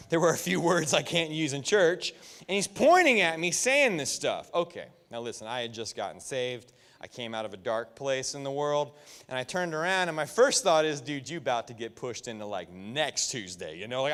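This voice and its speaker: A man in his thirties preaching to a youth group, telling lively stories and acting out quotes. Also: fairly high pitch. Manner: animated storytelling with jokes and voiced quotes. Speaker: youth pastor. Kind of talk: sermon. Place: church youth room. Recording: echoey hall with long reverb.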